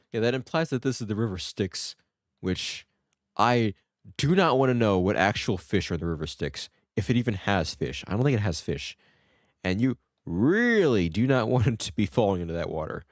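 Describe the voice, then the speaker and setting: A man's voice: on the low side, very animated, normal speed, no echo. A man giving rambling, self-joking let's-play commentary into a close desk mic. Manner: rambling, joking, laughs at himself. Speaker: gameplay streamer.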